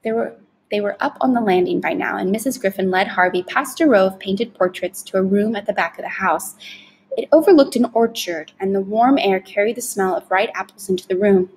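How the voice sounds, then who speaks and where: A woman narrating a storybook chapter in an expressive, measured storytelling voice. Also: mid-range voice, breathy edge, poor audio. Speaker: storybook reader. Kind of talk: audiobook narration.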